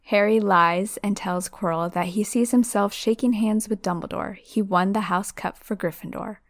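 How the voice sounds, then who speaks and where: A woman reading a novel aloud, slowing for the dramatic parts, then chatting casually about it. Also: medium pitch, no echo. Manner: expressive, slows down for dramatic moments.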